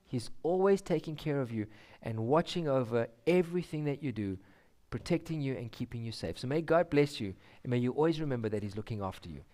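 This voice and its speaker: A man with a medium-pitched voice and brisk pace tells a children's story to a church congregation in the sanctuary. His storytelling is animated, and he acts out each character's voice along the way.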